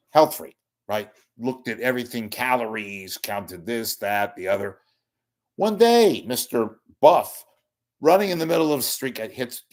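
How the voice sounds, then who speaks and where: An older man hosting a casual livestream monologue, rambling, losing his thread and cracking bawdy jokes. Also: medium pitch. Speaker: host.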